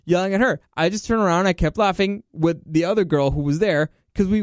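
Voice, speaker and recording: A man's voice: high-pitched, a little fast, few pauses, clear, resonant tone, no echo. Chatty young man, dry close sound. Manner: rambling, laughs while telling stories. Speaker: podcast host. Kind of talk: casual Q&A storytelling.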